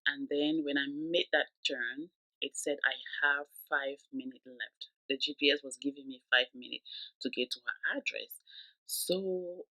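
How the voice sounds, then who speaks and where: A woman's voice: very deep voice, unhurried, bright, forceful tone, no echo, poor audio. A woman telling a dramatic storytime tale to her viewers, chatty and sometimes dropping to a whisper. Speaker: vlogger. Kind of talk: storytime vlog.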